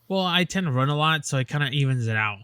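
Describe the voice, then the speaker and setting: A man's voice: a little high, animated, fast, pushed and bright, clean tone, no room sound, clean studio sound. A man co-hosting a podcast, chatting casually in a rambling, hesitant way, spinning out what-if scenarios. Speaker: podcast co-host. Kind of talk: casual chat.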